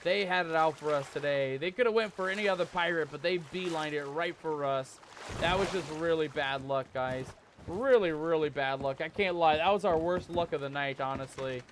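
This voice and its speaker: A man streaming a pirate game, commenting live in an excitable, panicky way and peppering his talk with pirate slang. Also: a little high, moderate pace. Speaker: gaming streamer. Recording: game sounds and ocean noise behind. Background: ship and water game audio.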